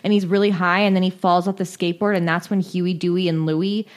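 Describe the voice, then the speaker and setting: A woman's voice: on the low side, fairly even intonation, quick pace. A woman co-hosting a podcast, casually recapping a cartoon with profanity and quoted voices. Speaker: podcast co-host.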